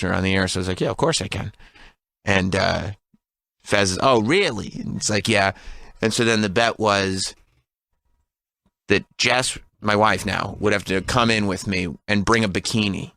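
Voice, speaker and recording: A radio co-host in his thirties telling a long story in casual banter, animated and laughing often. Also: deep voice, creaky. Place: radio studio.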